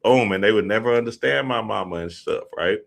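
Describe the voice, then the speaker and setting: A man's voice: lowish voice, brisk, vocal fry. A man hosting a show, talking in a casual, profane, slang-heavy monologue full of stories. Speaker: podcast host.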